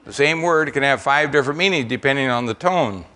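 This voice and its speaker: A man's voice: medium pitch, expressive, a little fast, bright, forceful tone. An older American man speaking to a church congregation, telling missionary stories in a folksy, rambling way with frequent fillers and repeated words. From United States. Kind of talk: church testimony and storytelling.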